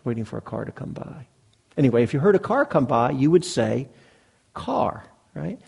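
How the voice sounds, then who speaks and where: A man's voice: mid-range voice, animated, brisk, gravelly, a little mellow, slightly rough. A man teaching meditation to a live group in a hall, explaining in a conversational way and often checking that the audience follows. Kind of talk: dharma talk to a live group.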